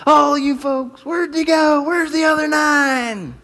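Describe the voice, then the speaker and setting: A man voicing a furious figure who berates his ungrateful followers, shouting in a strained high voice. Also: slow pace, big-room sound, exaggerated voice. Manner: shouting, high-pitched tirade.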